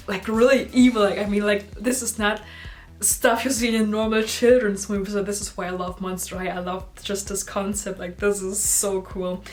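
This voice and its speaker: Young woman gushing over movies in a vlog, super chatty, lots of "like", faint music under it. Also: medium pitch. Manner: gushing, animated, lots of "like" fillers. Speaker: YouTuber reviewing movies. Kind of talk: casual ranking vlog.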